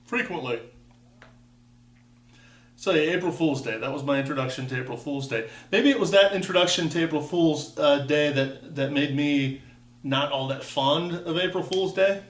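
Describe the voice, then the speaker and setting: A Wisconsin man in his fifties talks at normal speed in a fairly high voice, recorded from a distance in a room with echo. His vlog monologue is rambling and wry, with frequent restarts as he tells a personal story.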